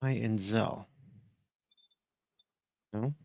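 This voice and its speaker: A man's voice: on the low side, fairly even intonation, extremely slow, creaky, a little mellow, dry recording. A man chatting casually on a live-stream voice call, making dry, wry remarks.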